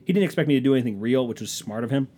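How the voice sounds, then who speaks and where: A man's voice: medium pitch, lively intonation, very fast, dark tone, breathy edge. A man, hosting a podcast and telling a rambling, profane, self-mocking story in a casual comic style. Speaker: podcast host.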